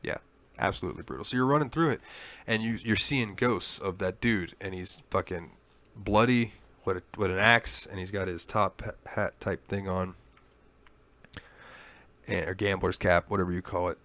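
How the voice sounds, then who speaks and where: Brief: male podcast co-host, somewhat low voice, loose rambling storyteller who cusses. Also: normal speed, fairly bright tone. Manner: rambling storyteller, swears freely. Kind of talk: casual chat.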